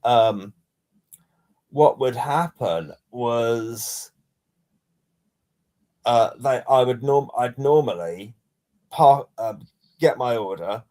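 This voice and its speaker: An English man co-hosting a casual podcast chat, rambling through anecdotes with plenty of false starts. His pitch sits right in the everyday middle for a man, and his delivery is relaxed and conversational. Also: extremely slow, long pauses. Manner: rambling storyteller, many restarts. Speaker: podcast co-host.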